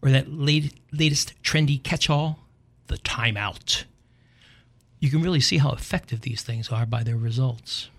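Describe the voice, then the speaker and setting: A middle-aged man and radio host giving a humorous monologue, telling dry, deadpan stories with wry punchlines. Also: medium pitch, measured pace.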